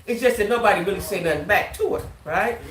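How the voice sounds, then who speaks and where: A woman's voice: medium pitch, fast talker, reverberant, a little hiss or hum. A woman hosting a live stream, giving casual, emphatic commentary on a reality show and talking straight to her viewers. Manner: animated, emphatic, talks to viewers.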